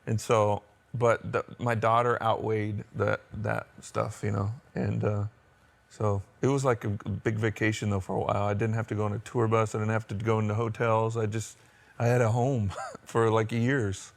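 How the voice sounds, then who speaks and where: A man's voice: lowish voice, little pitch movement, moderate pace, vocal fry. An American man in a band, telling his story in a rambling, open way during a casual interview. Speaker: band member.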